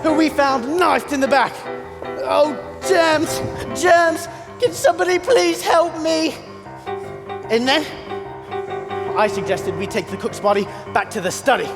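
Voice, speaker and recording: Man doing a high-voiced dramatic butler, lively delivery, loud music, long hall echo. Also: measured pace, vocal fry, heavily acted. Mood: theatrical. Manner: dramatic, animated storytelling. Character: fussy, theatrical male butler, the narrator. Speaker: butler narrating the story. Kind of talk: stage play acting. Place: school stage.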